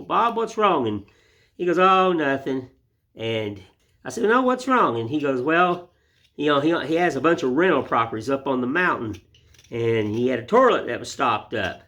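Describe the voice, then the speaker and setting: A man hosting his woodcarving channel from an indoor wood shop, chatting to viewers in a folksy, rambling way as he whittles. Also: medium pitch. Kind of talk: casual folksy talk to viewers while whittling.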